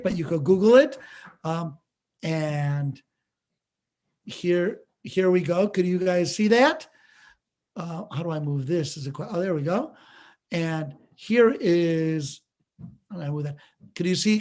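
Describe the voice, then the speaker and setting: A man, a rabbi, telling stories in a live-streamed art lesson, acting out quoted dialogue over a video-call mic. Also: sits high. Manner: lively storyteller, acts out quoted dialogue.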